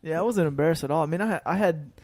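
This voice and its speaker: A man's voice: fairly high pitch, racing, darkish tone, no room sound, clean studio sound. A man chatting casually on a podcast in a laid-back way with crude humor. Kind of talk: casual chat.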